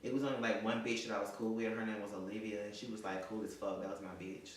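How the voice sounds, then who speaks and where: A man's voice: fairly low pitch, little pitch movement, fast. Profane young man, echoey distant room. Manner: profane, dramatic, talks to his absent ex. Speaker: vlogger. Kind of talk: storytime vlog. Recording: echoey room, distant mic, faint noise.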